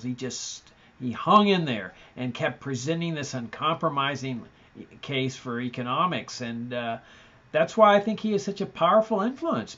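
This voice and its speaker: A man hosts a podcast conversation and speaks earnestly, pressing on the words he wants to stress. His voice sits in a middle range. The recording is dull and lo-fi. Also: medium pitch. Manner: earnest and admiring, with emphatic stress. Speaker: podcast host. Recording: dull lo-fi sound.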